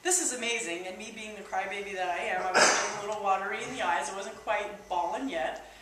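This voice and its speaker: A woman sharing a personal testimony at church, in a halting, emotional way with many restarts. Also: medium pitch, a loud crowd. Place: church hall. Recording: echoey hall, distant mic, faint hiss.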